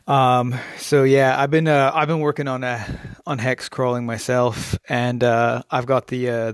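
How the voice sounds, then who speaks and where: A man's voice: mid-range voice, no room sound, clean studio sound. A man leaving a casual voice message for a podcast host, rambling and hesitant with many fillers.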